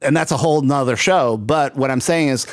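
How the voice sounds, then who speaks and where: A man's voice: mid-range voice, a little fast. A man hosting a casual interview chat, chatty and laughing often, with plenty of fillers. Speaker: host.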